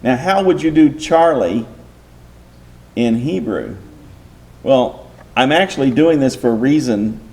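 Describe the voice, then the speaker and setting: A man with a mellow, darker voice leads a class as a Bible teacher. He walks through each point patiently, step by step, and often stops to put a question to his listeners. His pitch sits in the middle range for a man. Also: animated, unhurried, pauses often. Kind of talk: teaching lecture.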